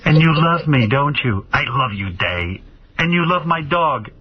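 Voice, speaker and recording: A man's voice: a little high, animated, measured pace, husky. A man on a radio show putting on a melodramatic, lovestruck girlfriend with an exaggerated accent. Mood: gushing. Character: lovestruck girlfriend, brassy and over-the-top. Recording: dull lo-fi radio audio with noise.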